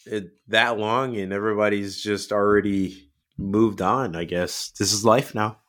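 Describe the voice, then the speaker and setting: Brief: relaxed podcast co-host, man, lowish voice, easygoing filler-heavy talk. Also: a little slow. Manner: laid-back, laughs often, many fillers. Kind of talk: casual chat.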